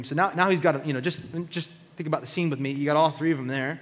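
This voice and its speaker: A male pastor delivering an animated, conversational sermon with plenty of emphasis. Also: fairly high pitch, fast talker, big-room sound.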